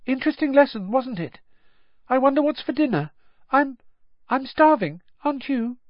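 A dazed teenage boy gabbles away in a strained, unnaturally high voice that sits far above a normal speaking register. His words tumble out fast and jumpy, with the pitch bouncing restlessly. This is an audiobook reading on slightly dull, lo-fi audio. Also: lively intonation, no room sound. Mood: shaky, gabbling. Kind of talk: audiobook character voice.

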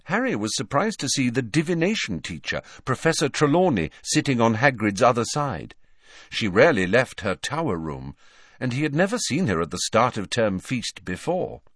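Expressive male audiobook narrator, dry close sound. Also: mid-range voice, normal speed, no echo. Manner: expressive storytelling reading. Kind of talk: scripted narration.

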